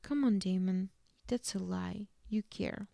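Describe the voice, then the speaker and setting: A woman reading the lines of a caring, pleading young woman in her own plain, gravelly voice. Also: mid-range voice, unhurried, dark tone, dry recording, clean studio sound.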